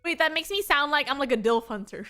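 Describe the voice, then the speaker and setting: High-voiced woman streamer telling stories. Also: a little fast. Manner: animated storytelling with frequent laughter. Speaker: VTuber streamer. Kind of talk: casual chat stream.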